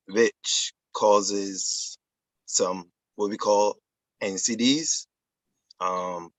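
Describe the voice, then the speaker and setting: A man with a Barbadian accent makes his case in a debate, speaking earnestly and explaining as he goes. His voice sits on the low side, and the recording is dry and close. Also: fairly bright tone, no room sound, poor audio. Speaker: debate guest, musician. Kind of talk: debate argument.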